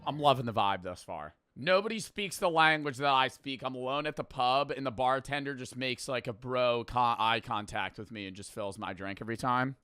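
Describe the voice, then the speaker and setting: Brief: young male streamer, bright punchy tone, dry close sound, swears a lot and rambles. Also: medium pitch, moderate pace, hardly any pauses, clear, resonant tone, no echo. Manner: excitable, profane, rambling banter. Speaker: streamer reacting to a video. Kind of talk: casual reaction commentary.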